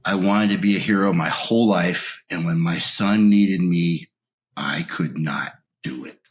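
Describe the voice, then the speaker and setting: A man being interviewed, telling his recovery story in a raw, emotional way, his voice rising when anger returns and sinking to a near whisper at the lowest points. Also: unhurried. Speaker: interview guest.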